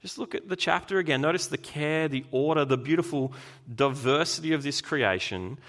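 A man preaching a sermon as pastor, lively and emphatic, with sudden loud bursts. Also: fairly high pitch, moderate pace.

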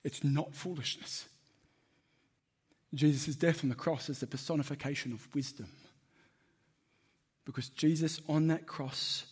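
A man's voice: on the high side, breathy edge. Emphatic man preaching. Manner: conversational and emphatic, questions the congregation. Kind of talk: sermon.

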